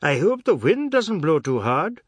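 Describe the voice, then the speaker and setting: A man's voice: fairly high pitch, very animated, a little slow, breathy edge, dry recording, voice pushed up, exaggerated voice. A man voicing a petulant older uncle who scoffs at everything. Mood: scoffing.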